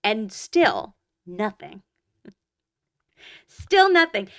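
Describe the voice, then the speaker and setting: A woman around forty, co-hosting a podcast in casual chat, blunt and emphatic and quick to swear. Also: medium pitch, big pitch swings, fairly bright tone, dry recording, clean studio sound. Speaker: podcast co-host.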